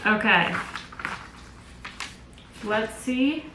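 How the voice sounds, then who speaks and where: An American woman narrates a casual, chatty home decor vlog indoors at home, sounding bubbly and gushing, with lots of "like" fillers. Her fairly high voice has lively intonation but moves extremely slowly. Background noise and a roomy home echo are present.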